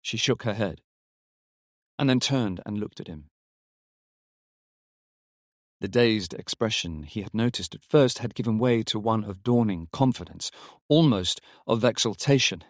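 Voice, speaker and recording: A man narrating an audiobook story in a measured, even manner. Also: on the low side, no echo, clean studio sound.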